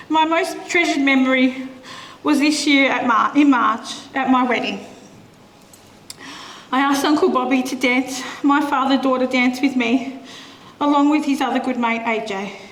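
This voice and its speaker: A middle-aged woman reading a eulogy in a church, her reading emotional and tearful. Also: high voice. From Australia. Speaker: eulogy speaker. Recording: echoey church with faint room noise.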